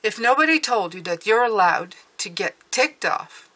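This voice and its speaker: A woman's voice: medium pitch, animated, moderate pace, sharp tone. A woman giving a casual tarot reading, chatty and often restarting her words. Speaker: tarot reader.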